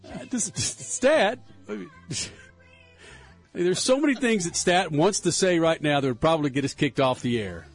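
A man's voice: on the high side, expressive, a little slow, breathy edge, soft background music. A man hosting a radio show, reading odd news items in playful, casual banter. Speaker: radio host.

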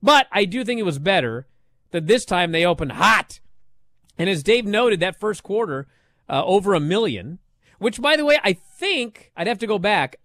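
An argumentative male radio host rants about a show, his pitch leaping high and swinging wide. The studio sound is dry and close, with no room around him. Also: no room sound. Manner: excitable, argumentative, mimics people in quotes. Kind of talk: animated sports talk radio banter.

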